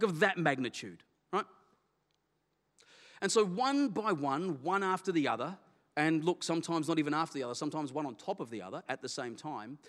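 A middle-aged pastor tells his own story in an animated, candid, self-deprecating way. His voice sits a little high for a man. A long reverb trails after him, as in a big church hall. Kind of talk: personal testimony sermon.

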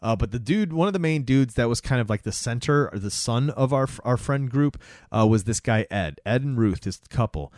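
A man's voice: medium pitch, normal speed, no room sound, clean studio sound. A man hosting a podcast, telling a movie's story in casual chat and acting out scenes as he goes. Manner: animated storyteller who acts out scenes. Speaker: podcast host.

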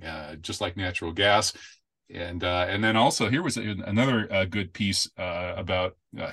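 A man's voice: low-pitched, a bit bright. A man hosting a casual political talk show, chatty and wry. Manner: chatty and wry, makes puns. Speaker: host.

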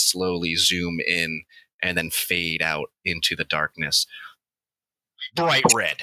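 A man with a fairly low but very bright, sharp voice, improvising a crude comic story on a podcast. He rambles and swears freely. The sound is close-miked and dry. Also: no echo.

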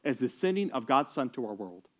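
A man's voice: medium pitch, sing-song, fairly quick, fairly bright tone. Earnest male pastor telling a story. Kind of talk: sermon. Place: church service, streamed online. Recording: dull lo-fi recording.

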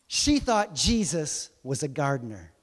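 A man preaching a sermon in a chatty, animated storytelling manner, with a long hall reverb. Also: a little high, measured pace.

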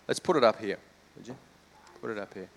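A man's voice: lowish voice, a little fast, vocal fry, slight background noise. A man, a pastor with children, preaching a sermon in a conversational way that builds to fervent emphasis. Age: adult with children.

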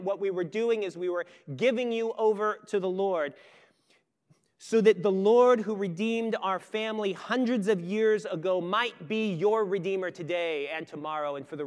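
A man preaching acts out a solemn father who speaks gently and earnestly to his son. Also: sits high, fairly even intonation, moderate pace, natural voice. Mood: tender. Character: solemn, tender father telling his son their story.

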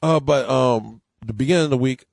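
A man's voice: medium pitch, brisk, gravelly, darkish tone, no echo, clean studio sound. A man co-hosting a casual podcast, laughing a lot and swearing casually. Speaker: co-host.

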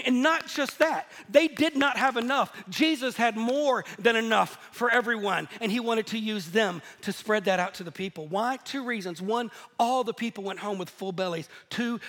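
A man preaching a sermon, telling stories in a lively, animated way and laughing at himself now and then. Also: high-pitched, normal speed. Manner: storytelling, animated, self-deprecating laughs. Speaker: pastor. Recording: echoey hall.

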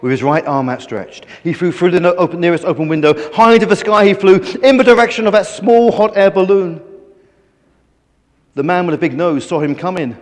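A man reading a children's story aloud with animated, playful emphasis. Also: sits high, a little fast, long reverb tail.

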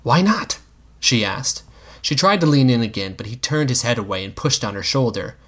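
A man narrating an audiobook in a measured storytelling manner. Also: mid-range voice, fairly bright tone.

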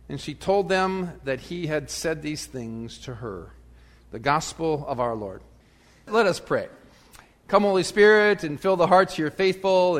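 A man leading a church service as pastor, reading the gospel, praying and preaching in a measured, emphatic way. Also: fairly high pitch, fairly bright tone, in a large hall. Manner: measured, emphatic reading with rising and falling delivery. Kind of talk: sermon with gospel reading and prayer.

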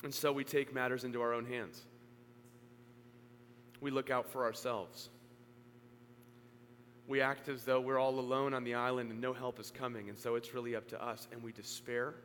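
A man preaching in a church auditorium, mid-pitched and earnest. He swells to emphatic peaks and then sinks to a hush. His voice rings with long reverb, over a faint hum. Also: flat delivery, moderate pace, long pauses. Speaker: pastor. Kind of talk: sermon.

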